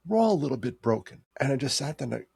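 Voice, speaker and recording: A man in his sixties tells a personal story, heartfelt and conversational, pushing certain words with rising emphasis. His voice is gravelly with a husky edge, and the recording is dry and close. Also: mid-range voice, big pitch swings, quick pace, a little mellow, no room sound. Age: 60s. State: tearing up.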